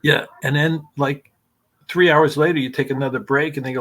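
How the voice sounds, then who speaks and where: A man's voice: on the high side, a little fast, a bit bright. A man guest telling long, profane, rambling stories in casual talk on a podcast. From New York. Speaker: guest, screenwriter. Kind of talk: casual storytelling.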